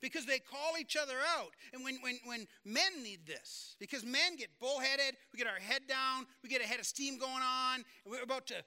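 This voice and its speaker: A man's voice: very high-pitched, moderate pace, hardly any pauses, bright, forceful tone, clear, resonant tone. A male pastor giving an earnest, conversational sermon, repeating phrases for emphasis.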